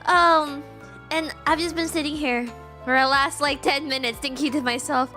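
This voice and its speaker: Chatty young woman streamer with a high voice. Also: steady tone, moderate pace, music in the background. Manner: chatty, self-mocking, giggly asides. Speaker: game streamer. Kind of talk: casual livestream chat and reading game story aloud.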